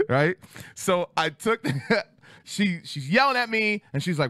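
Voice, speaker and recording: A man in his thirties spins a story on a talk show, his voice leaping high and dropping low as he acts out each voice. The sound is dry and close, with no room around it. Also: unhurried, dry recording. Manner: animated, acts out quotes with big pitch jumps. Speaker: podcast host. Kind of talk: casual storytelling. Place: studio.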